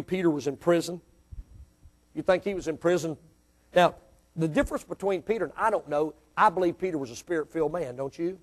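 A man preaching a sermon as pastor, with call and response and loud emphatic peaks. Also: fairly high pitch.

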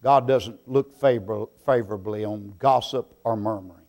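A man preaching a sermon, slow and deliberate, swelling into loud emphatic bursts. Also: fairly low pitch.

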